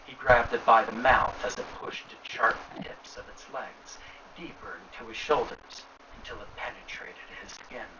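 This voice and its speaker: A man narrating a first-person horror story in a hushed, often whispering voice. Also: mid-range voice, moderate pace. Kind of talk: scripted narration. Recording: distant mic with clear noise.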